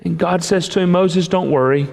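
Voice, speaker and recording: A man preaching a sermon in an emphatic way, with long pauses between phrases. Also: sits high, gravelly, a little mellow. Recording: long hall reverb.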